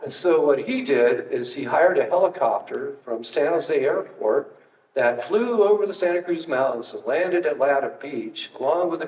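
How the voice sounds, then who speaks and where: A man's voice: medium pitch, darkish tone. Older guy telling dig stories at a talk, chatty with lots of ums, sounds far off in a big echoey hall, kinda muffled. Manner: conversational, anecdotal, with fillers and wry asides. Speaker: retired state parks archaeologist giving a talk. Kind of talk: casual public lecture with slides. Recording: distant, roomy, dull hall recording.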